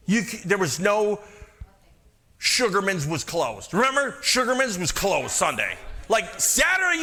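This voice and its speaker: Lively, bright-voiced preaching man. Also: sits high. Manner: animated, conversational preaching with asides and rhetorical questions. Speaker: pastor. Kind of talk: sermon. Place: church sanctuary.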